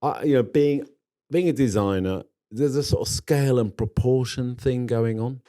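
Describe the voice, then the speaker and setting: A man's voice: mid-range voice, normal speed, mellow. A man co-hosting a garden show, chatting casually, teasing and restarting his sentences. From London. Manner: jokey, teasing, restarts often. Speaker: garden show co-host, designer. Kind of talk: casual podcast banter.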